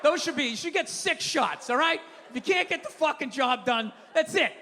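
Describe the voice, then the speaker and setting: A man performing a stand-up comedy routine, ranting and profane, swinging from loud outbursts to low muttered asides. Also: expressive, normal speed. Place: live comedy venue. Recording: live venue hall reverb.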